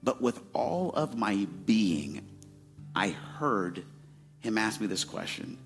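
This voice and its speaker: A man's voice: fairly low pitch, big pitch swings, slow pace, faint music behind. A man in his forties from Arizona, preaching a sermon in a casual, conversational way with many fillers. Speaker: pastor.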